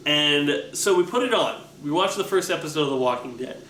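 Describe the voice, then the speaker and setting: A young man telling stories in a casual chat, animated and full of restarts. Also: brisk, hardly any pauses, a little hiss or hum. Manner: animated storytelling, excited rising pitch, many restarts. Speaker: vlogger answering viewer questions. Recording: echoey room with faint ambience.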